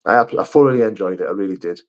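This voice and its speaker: A man's voice: on the low side, fast talker. A middle-aged man, hosting a casual live stream, rambling, swearing and calling people mate as he reads out chat. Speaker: livestream host reading chat. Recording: slightly dull lo-fi stream audio.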